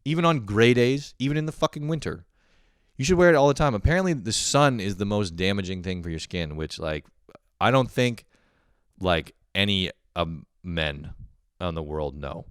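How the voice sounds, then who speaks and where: A man's voice: lowish voice, animated, moderate pace, clean tone, dry recording, clean studio sound. A young man hosting a podcast, ranting casually and mocking himself with lots of swearing. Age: young adult. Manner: profane, self-mocking rants with mock-outraged voices. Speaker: podcast host. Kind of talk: casual comedic monologue.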